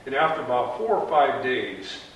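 A man's voice: medium pitch, sing-song. Middle-aged man telling his story, echoey and distant. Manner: plain, conversational storytelling with pauses and restarts. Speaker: heart transplant recipient. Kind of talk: personal story told to an audience. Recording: echoey room from far off with faint noise.

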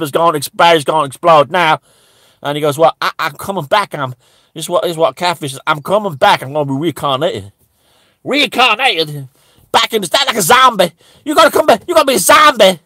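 A man playing a bigoted, stammering preacher who rambles indignantly and breaks into high shouts. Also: no echo. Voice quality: stammering, repeating words. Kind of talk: satirical character monologue.

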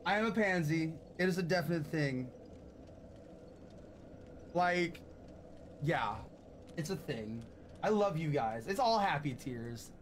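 Teary young man streamer, swearing warmly. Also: a little high, expressive, takes it slowly, pauses often, slight background noise. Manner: tearful, grateful, swears a lot. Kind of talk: emotional live-stream chat. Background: game music.

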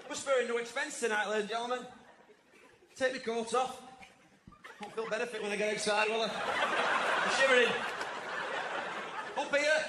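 A man doing stand-up comedy, boisterous and shouting punchlines to a live crowd. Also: very high-pitched, steady tone, a little fast, long pauses, background noise. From England. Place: large indoor venue before a live audience. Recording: echoey venue with loud crowd laughter.

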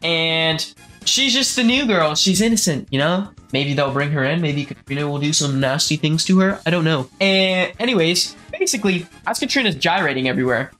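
A man's voice: on the high side, expressive, fairly quick, sharp tone, soft background music. A man giving casual, comedic movie commentary, profane and incredulous, his speech full of fillers. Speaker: movie reviewer.

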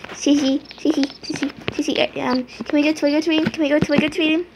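A woman's voice: high voice, little pitch movement, quick pace, background noise. A woman chatting and rambling as she narrates a game role-play.

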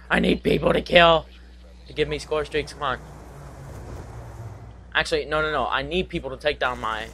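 A young man giving live gameplay commentary, excitable and goofy, trash-talking with singsong asides. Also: mid-range voice, slight background noise. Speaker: gaming commentator.

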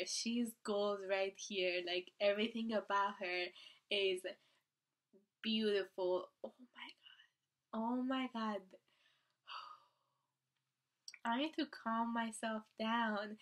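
A young woman talking casually in a reaction vlog, gushing and excitable, swearing freely and now and then dropping into a whisper. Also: a little high. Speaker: YouTuber reacting to a music video.

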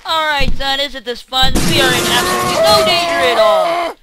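A man's voice: very high voice, moderate pace, loud music behind the voice, pitched above the performer's own voice, poor audio. A teenage boy putting on the voice of a careless father brushing off his son in a game commentary. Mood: mock-cheerful. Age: teens.

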